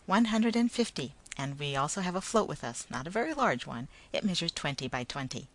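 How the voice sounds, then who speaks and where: Woman voicing a calm, formal Martian ant. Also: sits low, brisk. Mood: calm firm. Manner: calm, polite, formal, gentle but firm. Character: gentle but firm Martian ant, male.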